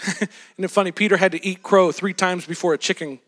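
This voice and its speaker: A man preaching a sermon, retelling a story with animated, dramatic flair. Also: high voice, brisk.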